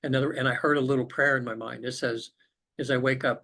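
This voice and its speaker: A man's voice: mid-range voice, fairly even intonation, fast talker, pushed and bright. A man, a podcast guest, earnestly recounting a personal spiritual experience over a remote call. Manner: earnest, reflective storytelling. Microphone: remote call connection.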